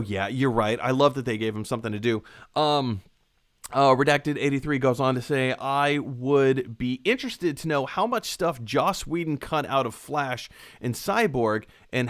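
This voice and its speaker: A man hosting a casual live-stream chat about movies, reading out viewer comments and talking in an animated way. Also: mid-range voice. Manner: animated, reads viewer comments, acts out quotes. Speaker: movie discussion host.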